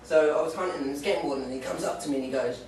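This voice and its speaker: Heard from far off in an echoey pub, a young comedian rattles through a rambling stand-up routine at very high speed. His voice sits on the high side and is a little mellow, and he drops into playful put-on voices between jokes, with slight hiss or hum on the recording.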